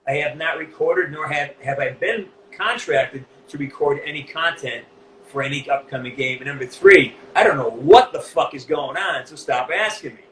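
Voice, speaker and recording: Middle-aged man, Northeastern US accent, blunt, swears a lot, animated storytelling, slightly high voice, echoey room, faint background noise. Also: moderate pace. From New England, US. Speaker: voice actor guest. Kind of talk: candid interview.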